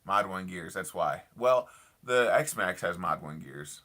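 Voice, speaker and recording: Chatting casually from a parked car late at night, this young live streamer reads comments and keeps circling back to "I love it" and "I don't know," full of fillers and repetition. He sounds animated yet slow, with a low, bright voice.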